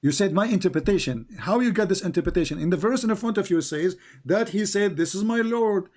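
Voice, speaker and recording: A man's voice: high voice, fast talker, darkish tone. A man whose first language is Arabic, arguing heatedly with a caller and then mocking the point in sarcastic commentary. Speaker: debate host.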